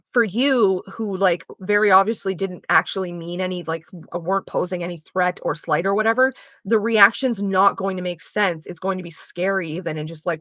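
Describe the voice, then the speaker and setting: A young woman streamer talks in a bright, sharp tone, frank and explanatory, cursing freely as she chats. Her voice sits close on a dry, dull, lo-fi mic with no room around it. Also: medium pitch, no echo. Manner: frank, explanatory, swears freely, acts out quoted reactions. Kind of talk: casual chat while streaming a game.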